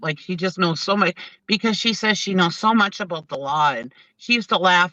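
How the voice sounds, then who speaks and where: A man's voice: high-pitched, normal speed, few pauses, bright, forceful tone, no echo, highs cut off. A man co-hosting a casual commentary chat, mocking and gossipy in tone.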